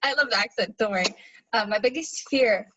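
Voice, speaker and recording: A woman's voice: on the high side, brisk, bright, forceful tone, muffled recording, slight background noise. A young Canadian woman with a Canadian accent, a guest answering in a giggly, hesitant way with many fillers. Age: young adult. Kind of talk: casual video-call interview.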